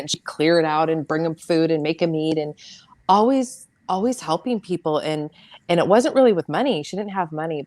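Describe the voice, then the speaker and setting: A middle-aged American woman, a podcast guest, telling a painful family story in an earnest, halting way, repeating words as she goes. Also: deep voice, no echo. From United States. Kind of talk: emotional personal storytelling.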